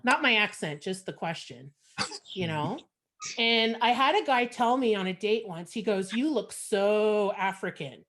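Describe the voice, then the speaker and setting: Over a video call, a woman from Montreal with a Canadian accent performs frank, sardonic stand-up, talking conversationally with lots of fillers. Her fairly high, fairly bright voice is animated at normal speed, and a little hiss or hum can be heard.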